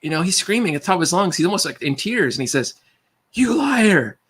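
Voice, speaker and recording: Livestream host, male, husky and a bit high, animated storyteller who stumbles over words. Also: rapid-fire. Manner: animated, acts out voices in his stories; stammers and repeats words.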